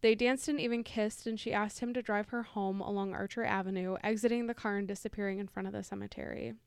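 A woman's voice: mid-range voice, fairly even intonation, quick pace, vocal fry, smooth, no echo, clean studio sound. A woman co-hosting a casual podcast, reading ghost stories aloud in a chatty way, laughing easily and correcting herself. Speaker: podcast co-host.

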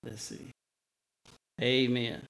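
A man preaching a sermon, slow and repetitive, restarting words for emphasis. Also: mid-range voice, flat delivery, gravelly, fairly bright tone.

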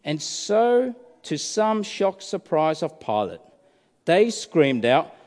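Man, preacher, sermon, dramatic storytelling, rhetorical questions, fairly high voice. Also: very animated, slow pace, darkish tone. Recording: reverberant hall.

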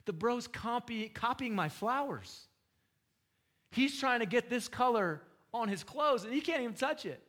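A man's voice: extremely high pitch, lively intonation, measured pace, fairly bright tone, voice pushed up, exaggerated voice. A preacher voicing God as a casual, teasing buddy who mocks a rich man copying his flowers. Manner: playful, mock-incredulous.

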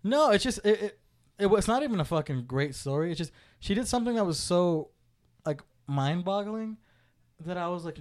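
A high-voiced young man on a podcast, talking with a lively, swooping pitch. He tells a casual story, swears freely and jumps up loudly when he acts out what people said. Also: moderate pace. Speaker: podcast co-host.

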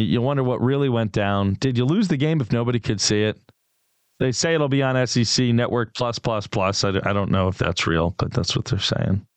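A man's voice: mid-range voice, clean tone, no echo. A male sports radio host, chatting casually and opinionatedly, talking straight to his listeners. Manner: opinionated, conversational, addresses listeners directly.

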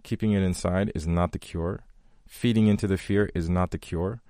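A man's voice: deep voice, steady tone, normal speed, dark tone, dry recording, studio quality. A man hosting a podcast, giving heartfelt motivational talk to his listeners, repeating his key phrases for emphasis. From from a country with long power outages. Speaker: podcast host.

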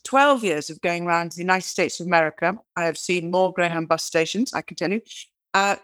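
Guest: British woman, lively raconteur, dry close sound. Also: fairly low pitch, a little fast, no room sound. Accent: British English. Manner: animated storyteller who acts out quoted lines; chatty, restarts and repeats words. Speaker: guest author. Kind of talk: interview conversation.

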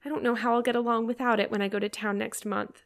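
A woman's voice: fairly high pitch, flat delivery, fast talker, lightly acted. A woman reading aloud, voicing an eager, dreamy teenage girl who talks effusively. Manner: romantic, effusive.

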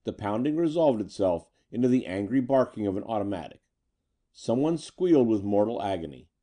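A man narrating a pulp story in an expressive, dramatic reading. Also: fairly low pitch. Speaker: audiobook narrator.

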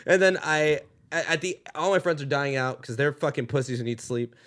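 A young man, a podcast guest telling a rambling, profane, animated comic story. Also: mid-range voice, fairly quick.

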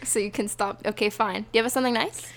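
A woman co-hosting a podcast in casual chat, with playful deadpan teasing. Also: mid-range voice, fast talker, a little hiss or hum. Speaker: podcast co-host.

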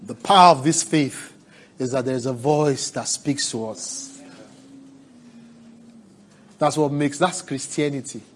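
A man preaching a sermon, asking the congregation for responses and swinging from hushed, drawn-out words to loud cries. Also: mid-range voice. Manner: preaching with call-and-response, swelling to shouts.

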